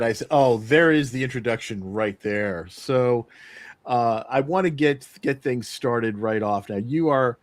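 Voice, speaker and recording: An effusive man hosts a podcast interview, full of enthusiasm for his guests. His voice sits at a middle pitch for a man. The sound is dry, with no room around it. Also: a little slow, no echo. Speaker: podcast host.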